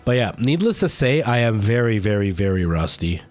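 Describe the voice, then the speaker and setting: A man with a fairly low voice gives live commentary while he plays. He rambles and thinks out loud between moves, often making fun of himself as he goes. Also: sing-song, moderate pace, faint music behind. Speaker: streamer.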